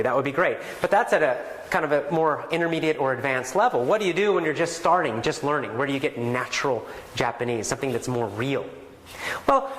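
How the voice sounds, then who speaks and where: A man giving a casual spoken lesson, explaining at length and acting out everyday phrases in a livelier, higher voice. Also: roomy sound. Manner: animated, explanatory, acts out greetings in a lively higher voice. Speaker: language teacher.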